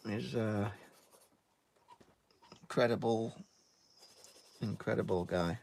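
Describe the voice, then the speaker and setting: A man's voice: fairly low pitch, steady tone, a little slow, creaky, long pauses, darkish tone. A British man chatting casually while giving a drawing tutorial and thanking viewers. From Britain. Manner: chatty, reads out viewer names and thanks them, "mate". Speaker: artist live-streaming.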